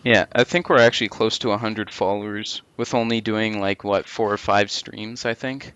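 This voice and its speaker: A young man in his late teens talking casually as co-host of a gaming channel, candid and quick to swear. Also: fairly low pitch, fairly even intonation, fairly bright tone, clean tone, lo-fi sound. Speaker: co-host and video editor. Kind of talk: casual chat.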